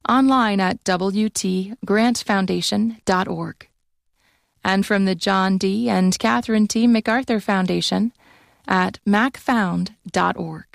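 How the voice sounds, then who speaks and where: A woman announcer reading sponsor credits in an even, formal manner. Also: mid-range voice, slow, gravelly, no room sound, clean studio sound.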